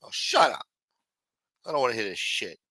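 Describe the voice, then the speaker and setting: A man's voice: mid-range voice, big pitch swings, normal speed, sharp tone, dry recording, studio quality. A man hosting a livestream, talking crudely and mockingly while reacting to his chat and thanking supporters. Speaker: livestream host. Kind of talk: profane casual commentary.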